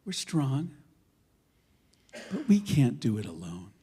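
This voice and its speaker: A man, a rabbi, giving a sermon in a synagogue, emphatic and impassioned, moving between loud declarations and quiet, humorous asides. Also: mid-range voice, wildly swooping pitch, slow, breathy edge. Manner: conversational storytelling with self-deprecating humor. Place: synagogue sanctuary.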